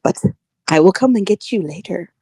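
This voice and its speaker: A woman voicing a smug, scheming male scientist villain in a tabletop game, speaking calmly and slyly. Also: lowish voice, moderate pace, husky, dry recording, studio quality.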